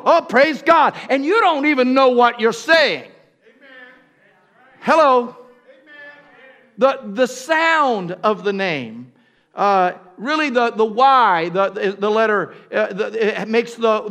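An older male pastor delivers his sermon in a strikingly high voice. His tone is bright and forceful as he calls for responses. He swings from ringing shouts to hushed, breathy passages. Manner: call-and-response preaching, swings between shouts and hushed tones.

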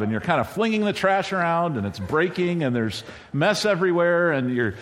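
A man's voice: animated, moderate pace, few pauses. Conversational male pastor preaching. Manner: conversational, acts out quoted lines with bursts of high pitch. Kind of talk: sermon.

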